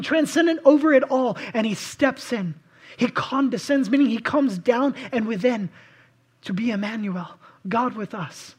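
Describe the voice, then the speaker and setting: Husky high-voiced man preaching a sermon. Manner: swings from loud impassioned outbursts to hushed, intimate reflection. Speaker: pastor.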